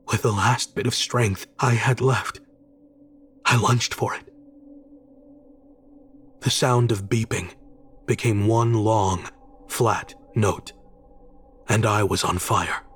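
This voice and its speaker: A man reading a horror story aloud in a measured, dramatic scripted narration. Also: mid-range voice, slightly rough.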